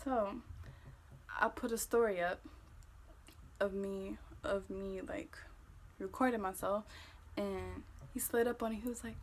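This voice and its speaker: A young woman vlogger telling a story-time tale in casual, profane, animated talk that gets loud when she replays an argument. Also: mid-range voice, measured pace, long pauses, a little hiss or hum.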